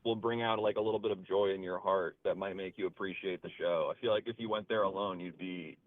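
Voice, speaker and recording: A man's voice: low-pitched, steady tone, fast. A man calling in to a show, talking earnestly and hesitantly with trailing sentences. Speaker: caller. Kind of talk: casual phone chat. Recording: tinny phone line.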